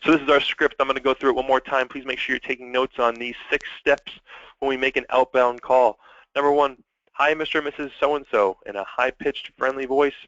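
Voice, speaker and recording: A man's voice: mid-range voice, flat delivery, fairly quick, a bit bright, no echo. A man runs a sales training session in an upbeat coaching tone, counting off his points one by one. His voice sits in a middle range. The recording is dull and lo-fi, with a dry, close sound. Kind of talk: training lecture.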